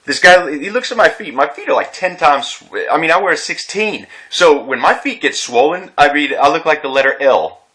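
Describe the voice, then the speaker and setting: A man's voice: on the high side, animated, brisk, hardly any pauses, a bit bright. A veteran man telling his own story in an unscripted vlog, rambling and agitated, swearing often and restarting his sentences. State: distressed.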